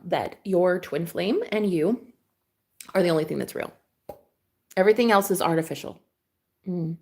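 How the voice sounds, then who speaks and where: A young woman coaching her viewers on twin flames in a casual vlog rant. She talks with sassy conviction and peppers her speech with profanity. Her loud laughs break up the lecture. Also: lowish voice, gravelly.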